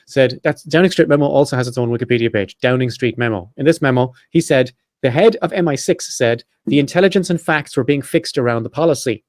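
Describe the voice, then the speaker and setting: A man hosting a podcast, reading a prepared script quickly with chatty asides and self-corrections. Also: mid-range voice, no room sound, studio quality. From Ireland. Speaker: podcast host.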